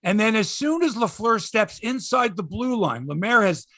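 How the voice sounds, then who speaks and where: Animated, high-voiced man. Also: moderate pace, no room sound. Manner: animated, excitable storytelling with swearing and impressions. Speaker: sports podcast host. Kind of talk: casual sports chat.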